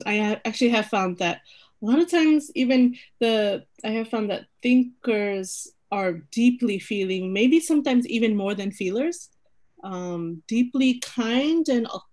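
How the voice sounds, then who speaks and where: A woman's voice: medium pitch, darkish tone. A woman leading an online personality-type workshop over a video call, talking in a chatty, hesitant way with many fillers and restarts.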